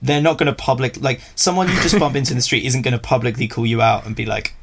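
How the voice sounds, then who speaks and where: A man's voice: medium pitch, steady tone, fast talker, gravelly, background noise. A young man chatting casually as a podcast guest, rambling and self-mocking, often laughing. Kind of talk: casual chat.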